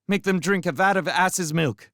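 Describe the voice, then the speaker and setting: A man voicing a polite, indignant ten-year-old boy apprentice who answers quickly and eagerly. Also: high voice, a bit bright, dry recording, studio quality, pitched above the performer's own voice. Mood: reciting.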